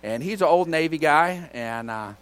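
A male pastor preaches to his church, his voice sitting on the high side. He tells homespun stories in a loose, conversational way. Every so often he breaks into a sudden shout. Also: normal speed. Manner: folksy storytelling with bursts of shouting. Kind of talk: sermon.

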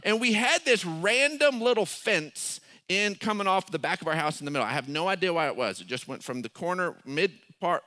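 A middle-aged male pastor telling a story in a sermon, acting out quotes and rising to shouted peaks. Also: high voice.

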